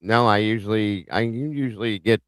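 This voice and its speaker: A man's voice: on the low side, normal speed, a bit bright, clear, resonant tone, no room sound, clean studio sound. A man hosting a live stream, talking in a laid-back, matter-of-fact way. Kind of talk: casual live-stream chat.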